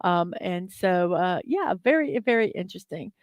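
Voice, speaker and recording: A woman's voice: fairly low pitch, sing-song, moderate pace, no room sound. A woman hosting a daily morning livestream, chatting casually and giggling as she talks to viewers in the chat. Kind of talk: casual live-stream chat.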